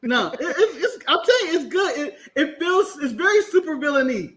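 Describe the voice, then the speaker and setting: American male co-host, bright tense voice, giggly, stammers on restarts. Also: very high-pitched, sing-song, brisk. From United States. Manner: laughs often, restarts with stammered repeats. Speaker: podcast co-host. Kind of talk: casual wrestling chat.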